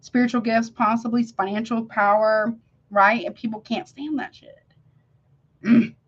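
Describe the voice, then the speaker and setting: A woman's voice: a little high, little pitch movement, measured pace, lo-fi sound. Slangy, emphatic woman reading tarot. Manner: emphatic, slangy, keeps asking "you see what I'm saying?". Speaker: tarot reader. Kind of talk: casual tarot reading to camera.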